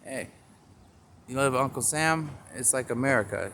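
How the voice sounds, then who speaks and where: A man's voice: medium pitch, moderate pace. A man rambling outdoors in a free-associating monologue, riffing on store signs and making puns as he goes. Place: outdoors on a town street. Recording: faint street noise outdoors.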